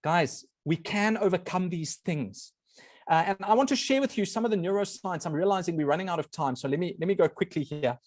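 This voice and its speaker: Animated, earnest male guest speaker. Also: sits high, a little fast, no echo, clean studio sound. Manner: earnest, animated, often apologizes. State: briefly emotional. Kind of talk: presenting a talk on a video call.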